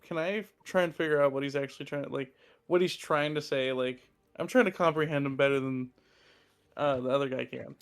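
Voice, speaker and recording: A man playing a tabletop game as a player, talking in halting, hesitant bits. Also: medium pitch, clean tone.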